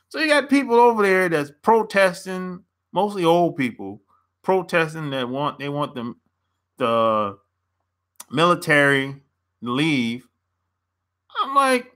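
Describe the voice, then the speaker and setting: A man's voice: fairly high pitch, animated, slow, pauses often, a bit bright. An American man, a relationship coach, giving a blunt casual opinion rant to camera and laughing often.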